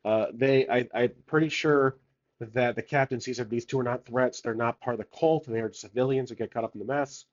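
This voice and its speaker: A man's voice: mid-range voice, fairly even intonation, fairly quick, muffled recording. A man narrating his solo tabletop game, thinking aloud, rambling with many fillers and restarts.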